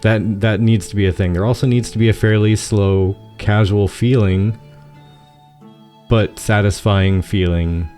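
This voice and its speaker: A man with a low, dark and mellow voice talks through a casual gaming podcast. He explains things at length and often restarts his sentences. Faint music plays behind him. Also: fairly even intonation, unhurried. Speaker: podcast co-host.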